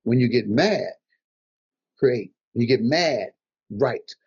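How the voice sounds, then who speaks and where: A man's voice: medium pitch, slow pace, breathy edge. An older man, a guest comedian, giving motivational advice in conversation and acting out the things people said to him. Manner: animated storyteller, acts out quotes. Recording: dull lo-fi audio.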